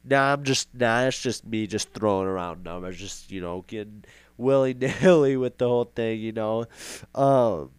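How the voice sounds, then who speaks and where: A man's voice: fairly low pitch, normal speed, smooth, no room sound. A young man hosting a casual podcast monologue, rambling and sarcastic, repeating himself for effect. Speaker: podcast host.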